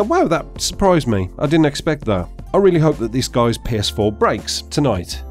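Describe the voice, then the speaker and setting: A man ranting sarcastically and swearing through his commentary over gameplay. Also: mid-range voice. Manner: animated, sarcastic, sweary rant. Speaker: gaming commentator.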